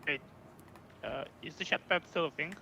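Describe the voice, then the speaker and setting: A man chatting casually while playing a game, with distracted, quick questions. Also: fairly high pitch, vocal fry, sharp tone, highs cut off, slight background noise. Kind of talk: casual gaming chat.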